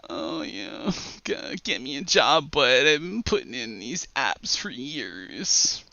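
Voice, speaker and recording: A man's voice: mid-range voice, lively intonation, slow, creaky, pushed and bright, dry recording, muffled recording, exaggerated voice. A man putting on the voice of a mopey, broke young man who sounds strained, as if constipated, mumbling in self-pity. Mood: sulky.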